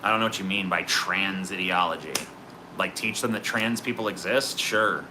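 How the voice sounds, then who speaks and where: A man's voice: sits low, normal speed, background noise. A man streaming live, chatting in a profane, sarcastic, rambling way as he answers his chat. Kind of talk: casual livestream chat.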